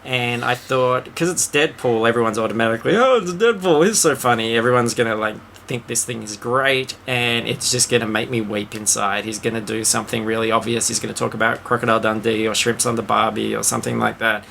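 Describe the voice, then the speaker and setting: Gravelly australian man ranting. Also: medium pitch, little pitch movement, pushed and bright, a little hiss or hum. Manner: ranty, swears, quick asides. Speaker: podcast co-host. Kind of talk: casual chat.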